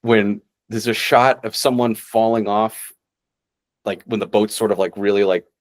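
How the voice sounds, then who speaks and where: A man co-hosting a podcast, telling a story in casual chat, relaxed, with many fillers. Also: fairly low pitch, moderate pace. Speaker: podcast co-host.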